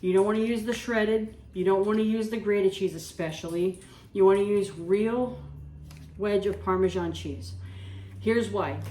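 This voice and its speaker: A woman's voice: mid-range voice, a little mellow, recorded from a distance, a little hiss or hum. A woman hosting a casual home cooking vlog, telling rambling stories and acting out what people said while she cooks in her kitchen. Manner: chatty, rambling anecdotes with reenacted dialogue. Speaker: cooking show host. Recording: roomy kitchen audio from off-mic.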